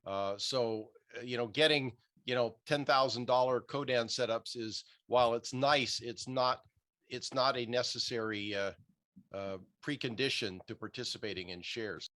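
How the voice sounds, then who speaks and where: A man speaks on a video call, eager and earnest as he gives advice. His voice sits at an ordinary middle pitch. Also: normal speed, a bit bright. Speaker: call participant. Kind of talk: Zoom meeting comment.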